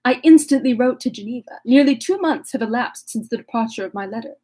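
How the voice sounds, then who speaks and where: A woman reading the part of a gentle older male magistrate from a classic novel, in a slightly breathy voice. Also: fairly high pitch, expressive, fast talker. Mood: concerned.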